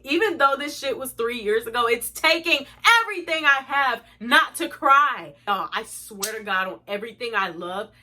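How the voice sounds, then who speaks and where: Young woman venting a storytime, lots of cussing, bright kinda high voice. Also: normal speed, hardly any pauses. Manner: animated, exasperated, swearing freely. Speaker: vlogger. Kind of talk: storytime vlog.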